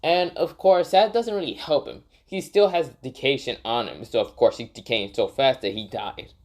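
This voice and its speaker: A man's voice: medium pitch, normal speed. A man casually narrating a made-up fan story, rambling and correcting himself often. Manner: rambling, many fillers, self-correcting.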